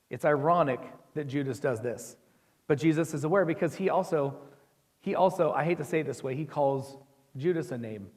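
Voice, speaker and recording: A man with an American accent preaching a sermon as pastor, conversational and quick to ask his listeners questions. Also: medium pitch, a little mellow, big-room sound.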